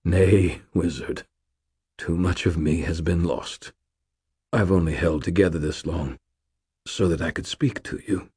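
A man's voice: low voice, unhurried, a little mellow, breathy edge, dry recording, studio quality, full character voice. A man reading the part of a dying old male ghost warrior, weak and fading, with formal, archaic speech. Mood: weak, gentle.

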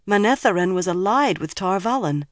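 An earnest young woman pleads with rising urgency in her voice, as an audiobook reader plays her. Her pitch sits clearly above the narration. The sound is close and dry. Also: animated, normal speed, no echo, lightly acted. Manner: pleading and eager. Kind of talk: audiobook character reading.

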